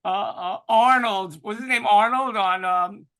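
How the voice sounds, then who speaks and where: A man in his sixties talks in a high, bright voice on a podcast. He is animated and flamboyant, loses his train of thought and bursts into dramatic exclamations. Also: measured pace, clean tone. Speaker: podcast guest. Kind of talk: casual podcast conversation.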